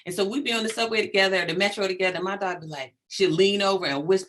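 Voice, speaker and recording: A middle-aged woman, a psychologist guest in an interview, talking in an animated, emphatic way and checking in often with "right?". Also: medium pitch, very fast, hardly any pauses. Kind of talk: conversational interview.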